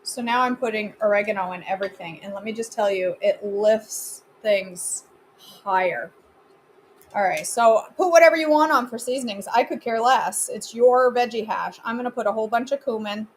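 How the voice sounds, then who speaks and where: A woman's voice: fairly high pitch, moderate pace, a little hiss or hum, low-quality recording. A woman hosting a live cooking class from her home kitchen, chatting casually and answering viewer comments as she cooks.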